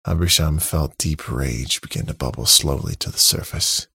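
A man narrating a story in a steady, dramatic reading with a husky, creaky voice. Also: rumbling low, moderate pace, hardly any pauses, no echo. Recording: dry close mic, faint music.

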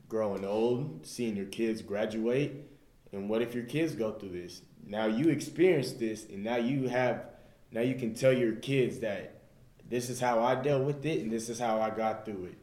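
A man's voice: lowish voice, darkish tone, reverberant. A young man sharing a personal faith story in a group, earnest and rambling, retelling his own words with "I was just like.". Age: young adult. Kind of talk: casual personal testimony.

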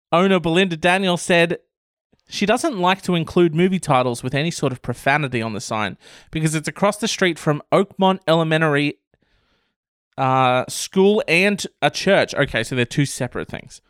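A man's voice: on the high side, fairly bright tone, clear, resonant tone, no room sound, studio quality. A man hosting casual commentary on odd news stories, sarcastic and swearing freely. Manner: sarcastic, swears, laughs often.

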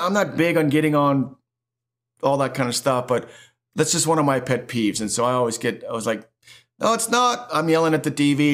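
A middle-aged male pastor preaching with a fairly high voice. He builds emphatic, repetitive phrases and keeps the delivery animated. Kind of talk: sermon.

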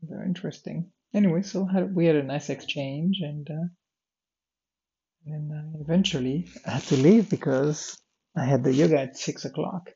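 A man rambles through a daily audio diary, tired and yawning, wandering from topic to topic with plenty of fillers and false starts. His voice is gravelly and a little husky, at a middling pitch. The recording sounds slightly muffled and lo-fi. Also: moderate pace, mellow. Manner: meandering, many fillers and restarts, drifts off topic. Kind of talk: rambling personal diary talk.

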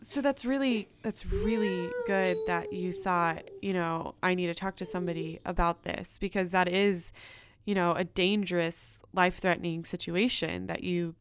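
A woman interviewing a guest, asking measured, supportive questions. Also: on the low side, clean tone.

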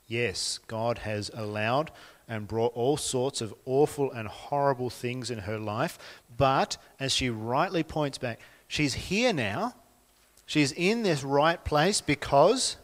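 A man with an Australian accent preaching a sermon, swinging from quiet, reflective lines to loud, emphatic ones. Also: mid-range voice, expressive, normal speed, big-room sound. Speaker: pastor.

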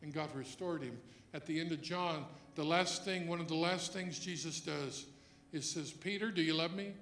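A man preaching a sermon as pastor, moving between quiet reflection and loud emphatic passages. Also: fairly high pitch, fairly even intonation, moderate pace, gravelly, roomy sound.

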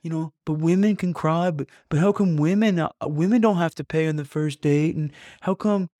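A man's voice: on the high side, moderate pace, dark tone, pitched above the performer's own voice, lightly acted. A man voicing the whiny, self-pitying male voice in a listener's head, complaining in indignant questions.

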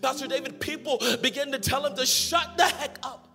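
Young adult man, preacher, very high voice, music behind, shouted half-sung sermon. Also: a little fast, creaky. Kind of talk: energetic sermon.

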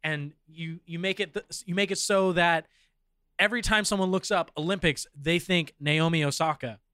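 A man's voice: on the high side, steady tone, moderate pace, bright, forceful tone, clean tone, dry recording, studio quality. A man co-hosting a casual podcast, thinking aloud and reading news notes with fillers. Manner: reflective, reads notes with fillers. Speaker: podcast co-host.

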